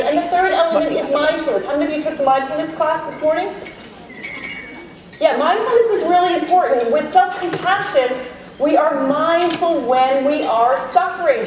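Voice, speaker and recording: A woman's voice: high-pitched, a little mellow, a little hiss or hum. A middle-aged woman giving an encouraging keynote talk to a live audience in a large hall, sometimes acting out inner voices. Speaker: keynote speaker. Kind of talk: motivational keynote talk with guided exercise. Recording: very echoey hall, voice from far off.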